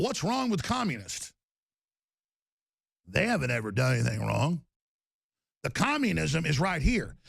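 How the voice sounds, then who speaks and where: A man hosting a political talk show, ranting in a fast, angry way. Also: on the high side, vocal fry, a bit bright, slightly rough, no echo.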